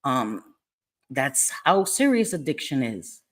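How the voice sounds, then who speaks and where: A woman's voice: very deep voice, big pitch swings, slow. A middle-aged woman hosting a livestream, tearful and apologetic as she tells a personal story, repeating phrases as she goes. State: crying. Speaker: livestream host.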